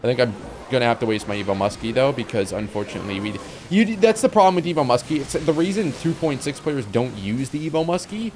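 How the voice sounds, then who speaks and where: A young man giving casual commentary on his own game, chatty and rambling, with sudden excited outbursts. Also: medium pitch, fast. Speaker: gameplay commentator.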